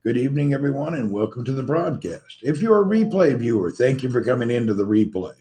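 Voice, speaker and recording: Greeting each viewer by name, a friendly Tennessee host with a Southern drawl chats casually on his livestream and reads out comments. His mid-pitched voice moves fast but sounds tired and slightly crackly after a bad night's sleep.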